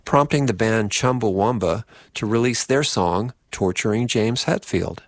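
Low-voiced man narrating with dry wit. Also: a little slow, dry recording. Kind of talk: scripted narration.

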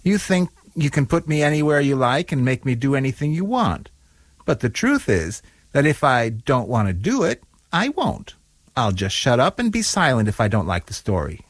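An actor playing a stubborn character in a story who questions and defies the narrator. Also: male voice, mid-range voice, very animated, moderate pace, dry recording. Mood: cheeky. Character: cheeky defiant story character.

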